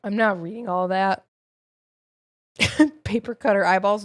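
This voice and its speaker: A woman streaming a game live, reading its text aloud and reacting with animated, swearing, mock-angry commentary, her voice strained and going. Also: medium pitch, moderate pace, long pauses. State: losing her voice.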